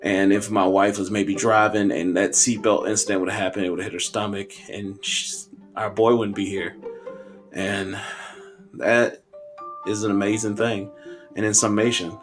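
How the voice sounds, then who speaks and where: A man in his thirties telling a funny personal story on a podcast, animated and conversational. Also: lowish voice, moderate pace, over music.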